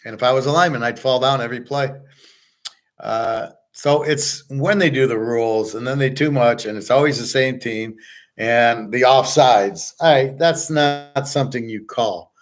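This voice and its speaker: A man's voice: mid-range voice, moderate pace. Blunt, rambling man. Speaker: host. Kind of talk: casual monologue.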